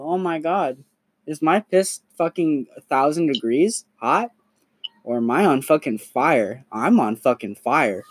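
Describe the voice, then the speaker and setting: A young man hosting a podcast in a casual, crude, animated storytelling manner. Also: fairly high pitch, no echo. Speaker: podcast host.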